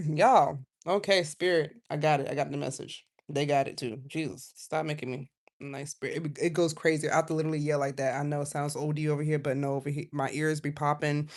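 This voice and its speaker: Low-voiced chatty woman reading tarot. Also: fairly quick, few pauses. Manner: chatty, loose and expressive, swinging between soft asides and loud outbursts. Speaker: tarot reader. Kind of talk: casual live tarot reading.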